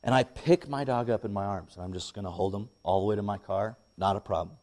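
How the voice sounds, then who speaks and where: Male pastor, young adult, sermon, lively storytelling, voice climbing when worked up. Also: on the low side, quick pace. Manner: animated storytelling, rising when excited.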